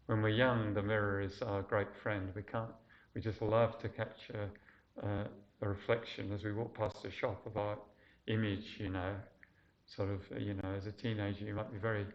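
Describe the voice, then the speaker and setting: Halting low-voiced man giving a talk. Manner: halting, many fillers and restarts. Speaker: dharma teacher. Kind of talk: casual Buddhist lecture. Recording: dull lo-fi lecture recording.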